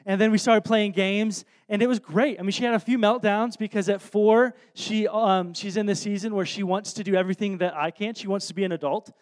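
A man with a notably high voice tells a story from the pulpit, animated and self-deprecating. He keeps restarting his sentences as he goes, in his thirties and at ease with the crowd. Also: a little fast, few pauses. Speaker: preacher. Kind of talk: anecdotal sermon storytelling.

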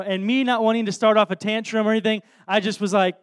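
A man in his thirties preaching through an anecdote, animated and self-deprecating, with lots of restarts. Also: sits high, fast talker, hardly any pauses, clear, resonant tone. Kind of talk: anecdotal sermon storytelling.

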